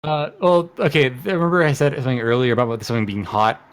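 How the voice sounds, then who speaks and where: A man's voice: medium pitch, lively intonation, fast talker, clear, resonant tone. A man chatting casually during a game from a room with an open window near a road, explaining things in a rambling, apologetic way. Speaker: player. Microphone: sensitive desk mic.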